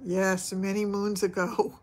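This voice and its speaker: Slow-talking older New York woman. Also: medium pitch, level tone. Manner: chatty, laughs easily, clears her throat often. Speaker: vlogger host, former actress. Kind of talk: casual livestream chat reading viewer comments.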